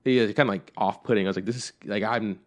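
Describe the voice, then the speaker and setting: A young man co-hosts a podcast, chatting casually and rambling with plenty of fillers like "like" and "you know." His voice is on the low side, fast, with fairly even intonation.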